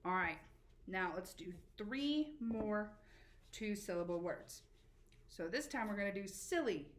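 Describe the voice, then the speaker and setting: A woman teacher giving a spelling lesson to children, patient and encouraging, slowly spelling letters out. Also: medium pitch, expressive. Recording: echoey room with faint background noise.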